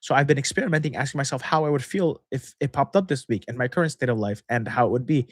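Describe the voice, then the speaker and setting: A young man chats through a casual livestream Q&A, coaching members with a rambling, easygoing flow full of fillers and quick laughs. His voice sits at an ordinary middle pitch. The sound is close and dry, with no room echo. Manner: rambling and chatty, laughs often, many fillers and restarts. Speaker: manifestation coach hosting a member Q&A.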